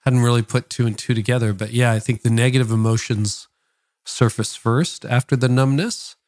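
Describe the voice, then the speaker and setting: A man's voice: medium pitch, fairly even intonation, moderate pace, a little mellow, dry recording, clean studio sound. Thoughtful male podcast host. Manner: thoughtful, shares own experience. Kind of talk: reflective interview conversation.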